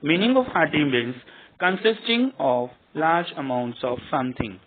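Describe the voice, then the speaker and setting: A man's voice: fairly high pitch, expressive, a little slow, slight background noise. A male teacher reading a story aloud to a class, dictating words to underline and repeating their meanings, recorded with a tinny phone-like sound.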